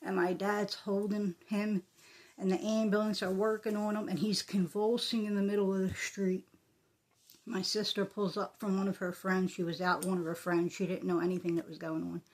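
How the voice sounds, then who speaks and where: A middle-aged woman recounts a memory from her own life. She talks casually and plainly, using "like" often and repeating words for emphasis. Her pitch sits in an ordinary middle range for a woman. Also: flat delivery, moderate pace. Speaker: storyteller. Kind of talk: casual personal storytelling.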